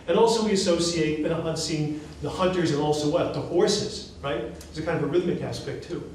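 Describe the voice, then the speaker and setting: Guy teaching a music class, kinda high voice, quizzing students, sounds far off in a really echoey room. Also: fairly quick, slight background noise. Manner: quizzing students, animated and encouraging. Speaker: music professor. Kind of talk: classroom lecture with questions to students.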